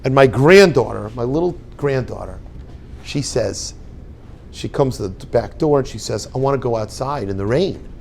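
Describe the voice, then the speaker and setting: An older man, a rabbi and yeshiva head, giving a storytelling talk and acting out the dialogue with lively voices. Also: mid-range voice, normal speed, creaky, a little hiss or hum. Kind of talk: storytelling lecture.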